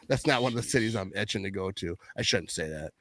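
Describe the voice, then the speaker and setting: A man talking casually about football, rambling with lots of fillers and animated swings in his voice. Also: lowish voice, no room sound. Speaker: podcast guest. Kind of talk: casual sports chat.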